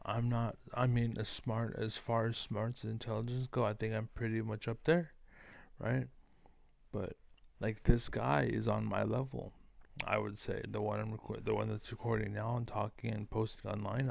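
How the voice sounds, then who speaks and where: A man vlogging in a rambling, foul-mouthed rant, his voice gravelly and rough at the edges. He talks at an ordinary pitch in a dry, close space with no room echo. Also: darkish tone, dull audio. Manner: profane, rambling, combative. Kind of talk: ranting monologue to camera.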